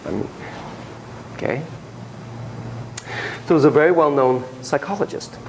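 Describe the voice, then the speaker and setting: A middle-aged man lecturing on psychotherapy to a class, telling stories in an animated, digressive way full of asides. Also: a little high, measured pace, creaky, slight background noise, rough recording. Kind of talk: lecture with storytelling.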